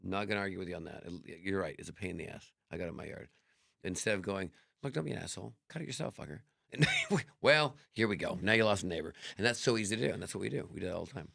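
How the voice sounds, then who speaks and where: Middle-aged male guest, gravelly and raspy, quick animated storyteller, dry close sound. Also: sits low, no echo. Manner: animated, acts out dialogue, swears freely. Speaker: podcast guest. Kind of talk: casual storytelling chat.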